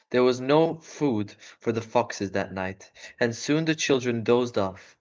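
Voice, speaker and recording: A man's voice: medium pitch, expressive, takes it slowly, hardly any pauses, a little mellow, lo-fi sound. A man giving a live audiobook reading of a children's story, breaking off into chatty, casual asides and correcting his own slips.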